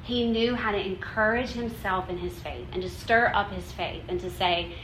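A woman's voice: medium pitch, moderate pace, background noise. A woman giving a conversational devotional teaching to women, earnest and heartfelt, often saying "like" and "you know". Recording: roomy echo, faint ambience.

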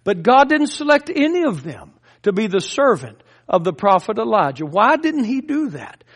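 A man's voice: high-pitched, sing-song, moderate pace. A man preaching a sermon with impassioned, rising and falling emphasis.

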